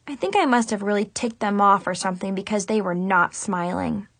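A woman reading a first-person children's story with a dramatic, expressive teen-girl manner. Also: mid-range voice, brisk, dry recording. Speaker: audiobook narrator.

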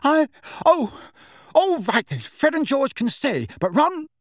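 A man voicing an anxious, overprotective mother close to tears, her voice cracking and shrill as she orders the children around. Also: expressive, slow pace, creaky, no room sound, exaggerated voice. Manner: commanding, then shouting. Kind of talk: audiobook character voice.

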